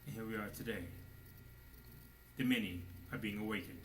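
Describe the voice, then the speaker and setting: Bright-voiced preacher man, echoey room. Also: steady tone, moderate pace. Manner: swings between hushed low asides and loud exclamations; speaks as God in the first person. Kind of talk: sermon. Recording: echoey room with faint noise.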